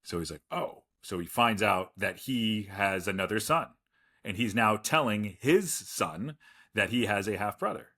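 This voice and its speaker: A man's voice: on the low side, lively intonation, unhurried, sharp tone. A man in his forties co-hosting a casual podcast, telling a rambling story full of restarts and quoted asides. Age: 40s. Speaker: podcast co-host.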